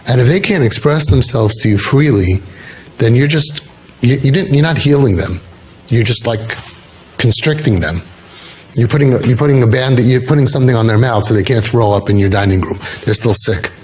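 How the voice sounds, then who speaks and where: A rabbi speaking informally to an audience, telling stories with lively quoted voices. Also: male voice, medium pitch, moderate pace, rough recording. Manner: storytelling, animated, acting out quoted voices.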